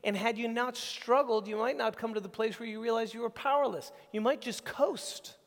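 Pastor guy preaching, kinda high voice, chatty and animated, big echoey hall sound. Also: normal speed, gravelly, hardly any pauses. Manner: animated, conversational preaching with acted-out dialogue. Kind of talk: sermon. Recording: long hall reverb.

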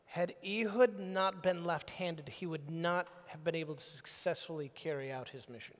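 High-voiced man preaching in a reverberant hall. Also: moderate pace. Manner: animated, conversational preaching with acted-out dialogue. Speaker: pastor. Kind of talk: sermon.

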